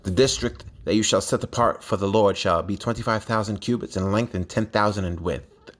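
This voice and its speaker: A man with a somewhat low voice reads a long scripture passage aloud. He keeps a steady, even reading pace and now and then stumbles and restarts a word. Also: brisk. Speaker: scripture reader.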